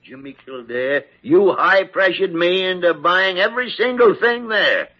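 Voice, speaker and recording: A man's voice: sits high, animated, a little slow, pushed and bright, heavily acted. An actor playing a grumpy, blustering older male hospital chief in a radio play, sputtering with indignation. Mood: indignant. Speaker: senior doctor. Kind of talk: 1940s radio acting. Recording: dull old radio broadcast recording.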